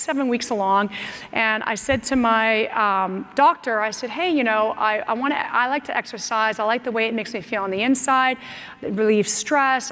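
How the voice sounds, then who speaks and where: American woman telling stories in an echoing hall. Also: on the high side. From United States. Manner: lively storyteller who acts out her own and others' lines. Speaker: keynote speaker. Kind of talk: motivational storytelling speech. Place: large conference hall. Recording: long reverb in a large hall.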